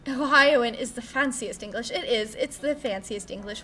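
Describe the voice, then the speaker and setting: With a bright, forceful, fairly high voice at a moderate pace, an Ohio woman with a Midwestern American accent chats on her live game stream amid slight background noise. She reads viewer questions, swears casually, jokes around and squeals at her pets.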